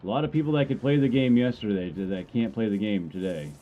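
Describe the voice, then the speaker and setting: A man's voice: on the low side, a little fast, phone-quality sound. A man ranting about a game update, rambling and stammering in frustration. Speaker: gamer commentator. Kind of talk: ranting commentary.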